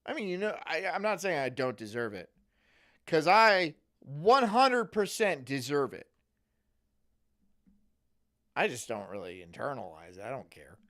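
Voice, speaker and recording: A man's voice: a little high, very animated, unhurried, long pauses, fairly bright tone. A man streaming, chatting casually in profane, rambling rants. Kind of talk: casual chat.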